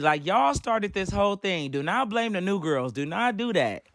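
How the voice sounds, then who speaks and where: High-voiced man, sassy recap chatter. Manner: sassy, animated, mocking. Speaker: reality show recap commentator. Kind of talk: casual recap commentary.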